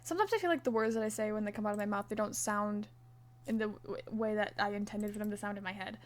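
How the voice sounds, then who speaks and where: A woman's voice: medium pitch, fast. A young woman streaming live, chatting playfully with her viewers and counting stitches under her breath as she crochets. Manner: chatty, playful, reads chat aloud. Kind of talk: casual live-stream chat while crocheting.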